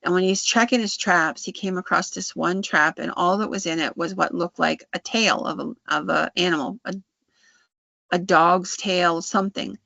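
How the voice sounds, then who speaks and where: A podcast host casually retelling a folk tale, with frequent restarts and halting phrasing. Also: mid-range voice, fairly even intonation, vocal fry, pushed and bright, dry recording, dull audio.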